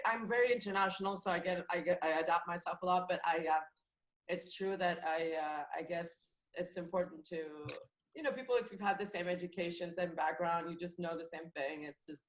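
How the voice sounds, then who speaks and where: A woman comedian talks casually as a podcast guest, laughing easily and restarting her sentences as she goes. Her voice sits a little low. The recording has a roomy, echoey sound. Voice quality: chatty, laughs often, speaks freely with many restarts. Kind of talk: casual chat.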